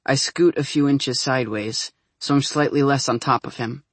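Male audiobook reader, mid pitch, dry booth sound, flustered intimate inner voice. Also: steady tone, moderate pace, dry recording. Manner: intimate, anxious inner monologue, rising into flustered rambling. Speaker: audiobook narrator. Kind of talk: scripted first-person narration.

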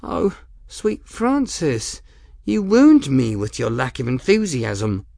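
A man's voice: mid-range voice, wildly swooping pitch, slow, gravelly, warm tone, no room sound, pitched above the performer's own voice, heavily acted. A man voicing a merry, teasing female pirate captain. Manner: merry, flirtatious, mocking. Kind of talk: audiobook character voice.

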